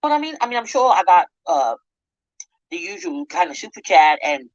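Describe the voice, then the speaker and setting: A woman's voice: on the high side, very animated, normal speed, vocal fry, no room sound. A Scottish woman hosting an angry commentary rant, swearing and combative. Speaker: channel host. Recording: dull lo-fi dry audio.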